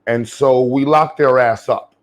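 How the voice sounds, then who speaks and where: A man's voice: medium pitch, fairly even intonation, a little slow. Blunt profane New York man. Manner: blunt, profane, drawling, slangy. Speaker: commentary vlogger. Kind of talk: profane casual commentary.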